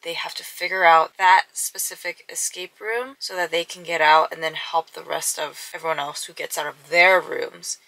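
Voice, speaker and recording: A woman's voice: fairly low pitch, steady tone, normal speed, creaky, few pauses, sharp tone, dry recording, poor audio. A young adult woman vlogging, telling a story casually and animatedly, sometimes dropping to a whisper for suspense.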